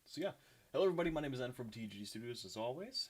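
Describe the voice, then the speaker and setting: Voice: medium pitch, fast, slight background noise. A host opening a tabletop game stream over an online call, talking in a casual, upbeat way. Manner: animated, upbeat. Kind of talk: casual chat.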